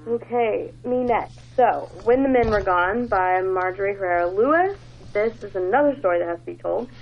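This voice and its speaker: A woman's voice: medium pitch, moderate pace, gravelly, slight background noise. A woman chatting casually and enthusiastically about books on a radio segment, with lots of fillers. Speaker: book recommender on a radio segment. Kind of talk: casual book talk. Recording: phone-like radio audio.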